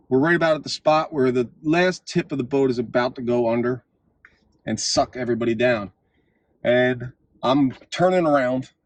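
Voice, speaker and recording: A man hosting his own vlog, delivering an impassioned political monologue and telling stories, his voice swinging up to shouts at the climaxes. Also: medium pitch, no room sound. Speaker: vlog host.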